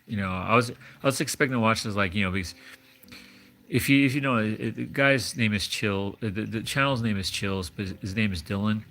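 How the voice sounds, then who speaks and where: Low-voiced man rambling on a livestream. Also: fairly quick, fairly bright tone. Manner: rambling, hesitant, full of restarts. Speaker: livestream host. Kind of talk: casual chat.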